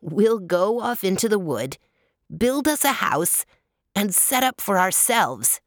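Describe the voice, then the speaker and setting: A woman reads a fairy tale aloud at an unhurried pace, her voice rising and falling with lively expression. The recording is dry and close, with no room sound. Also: medium pitch, dry recording. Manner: slow and lively. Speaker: storyteller. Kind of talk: storybook reading.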